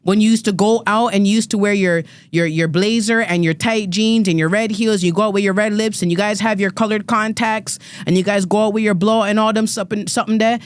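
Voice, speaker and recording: A woman in her thirties launches into a fired-up rant on a podcast panel, swearing freely and stumbling over repeated words as she presses her point. Her voice sits at a middling pitch. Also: fairly even intonation, brisk, few pauses, clear, resonant tone, dry recording. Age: 30s. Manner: ranting, emphatic, profane, repeats words when fired up. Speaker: guest panelist. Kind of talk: heated monologue on a panel podcast.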